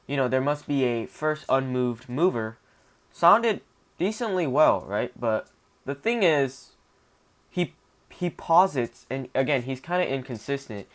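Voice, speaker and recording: A man's voice: mid-range voice, fairly bright tone. A young man giving a casual spoken book review, thinking aloud with fillers, restarts and frequent tag questions.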